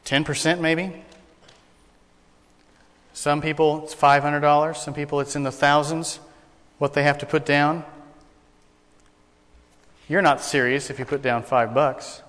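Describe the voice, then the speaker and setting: A man's voice: a little high, fairly even intonation, measured pace, long pauses, fairly bright tone, in a large hall. A man preaching a sermon to a congregation, folksy and joking, telling jokes as he goes. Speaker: pastor. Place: church sanctuary.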